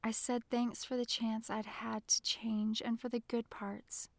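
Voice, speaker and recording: A woman narrating an audiobook in the first person, with soft, emotional storytelling. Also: fairly high pitch, little pitch movement, a little slow, vocal fry, no room sound.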